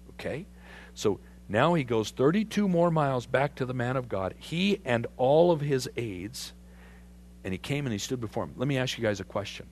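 A man preaching a sermon, animated and conversational, putting questions to his congregation. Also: medium pitch, a little slow. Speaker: pastor.

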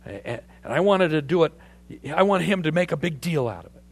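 A man preaching a sermon, animated and conversational, putting questions to his congregation. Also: on the high side, fairly quick, slightly rough. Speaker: pastor.

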